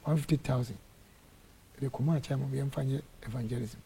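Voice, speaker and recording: A middle-aged man from Ghana, an apostle, telling animated stories in an interview and acting out the dialogue. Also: mid-range voice, fast, a little hiss or hum. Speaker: apostle and church area head. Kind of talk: storytelling interview testimony.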